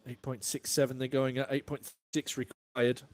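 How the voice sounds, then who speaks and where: Relaxed male cricket co-commentator. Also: mid-range voice, normal speed. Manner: relaxed, admiring of good shots. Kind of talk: live cricket commentary and analysis.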